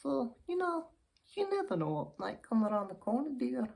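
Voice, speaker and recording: A woman voicing a chatty, giddy Scottish woman puppet in her sixties, who speaks in a high, fluttery voice and calls everyone dear in a ventriloquist act. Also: big pitch swings, moderate pace, vocal fry, darkish tone, husky, exaggerated voice. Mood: giddy, excited. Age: 60s.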